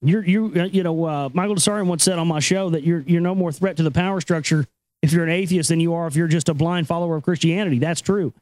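A male talk show host reads the news and riffs on it in a loose, profane, rambling way. His voice sits fairly high for a man. The sound is close and dry, with no room echo. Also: quick pace, darkish tone. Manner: profane, rambling, laughs often. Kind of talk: casual talk and news reading.

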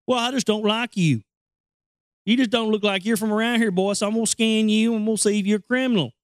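Man doing a taunting small-town cop, drunk on power, drawling and sneering, voice pushed up high. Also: fairly even intonation, a little fast, no room sound, clean studio sound, lightly acted.

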